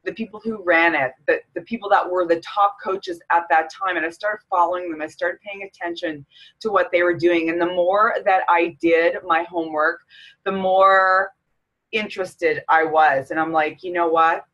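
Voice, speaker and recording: A woman's voice: lowish voice, fairly even intonation, normal speed, fairly bright tone, highs cut off. Tearful middle-aged woman from Canada. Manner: emotional, tearful, candid. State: close to tears. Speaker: fitness coach. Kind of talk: personal vlog talk to camera.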